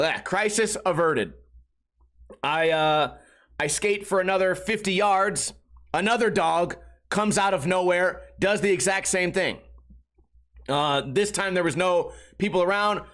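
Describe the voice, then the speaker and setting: A man's voice: sits high, a bit bright. A young man hosting a podcast, telling a story in a casual, profane, exasperated rant. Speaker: podcast host.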